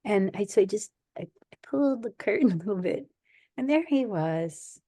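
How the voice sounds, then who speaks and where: A woman from the United States, a podcast guest telling animated anecdotes in conversation and laughing often. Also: mid-range voice, moderate pace, no room sound. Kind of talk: conversational storytelling.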